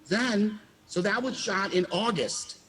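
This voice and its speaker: A man, a former child actor, telling animated stories in a casual interview and acting out the quotes. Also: sits high, slow pace. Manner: animated storyteller, acts out quotes with laughs.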